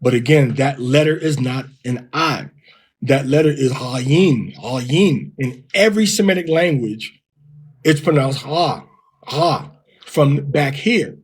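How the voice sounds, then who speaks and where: A middle-aged man teaching Hebrew pronunciation, explaining patiently and repeating words slowly to demonstrate sounds. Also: mid-range voice, lively intonation, breathy edge. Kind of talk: Bible Hebrew pronunciation lesson.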